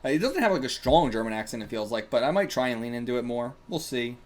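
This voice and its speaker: A young man reading a manga aloud and reacting casually, excitable and laughing, with bursts of swearing. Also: mid-range voice, quick pace. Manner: excitable, swears, laughs, puts on brief character lines.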